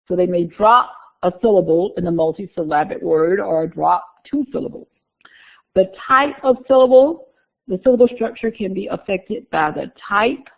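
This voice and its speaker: A woman's voice: medium pitch, gravelly. Woman lecturing over a tinny recording. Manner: conversational, repeats key terms, talks through slides. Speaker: instructor.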